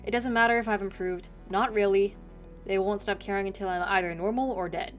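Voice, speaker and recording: Lady reading as a worried teen boy from a visual novel, soft and halting, middle pitch. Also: steady tone, faint music behind, close to an everyday voice. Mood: troubled. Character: gentle teenage boy, anxious and self-doubting.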